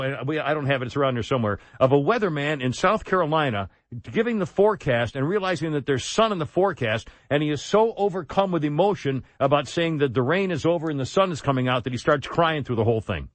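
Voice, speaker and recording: A man's voice: a little high, no room sound. A man hosting a radio talk show in a casual chat style, rambling and self-mocking, on a studio microphone.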